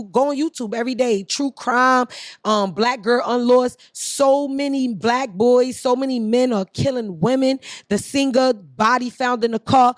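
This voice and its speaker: A woman's voice: a little high, no room sound, studio quality. A woman making a long, impassioned argument in a heated podcast debate, asking rhetorical questions. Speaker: podcast guest.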